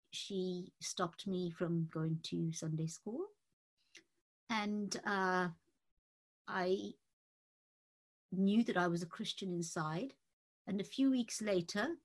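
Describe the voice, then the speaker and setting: A woman telling a personal story in a halting, unhurried way, pausing often. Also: medium pitch. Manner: halting, unhurried recounting with frequent pauses and fillers. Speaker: speaker giving a personal testimony.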